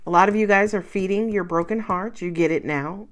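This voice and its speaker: A woman giving a casual tarot reading to camera, chatty and excitable, swearing freely and laughing often. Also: mid-range voice, a little fast. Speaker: tarot reader.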